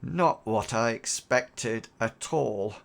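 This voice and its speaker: A man voicing a stern male mercenary captain who speaks low and slow. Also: gravelly. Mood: unimpressed.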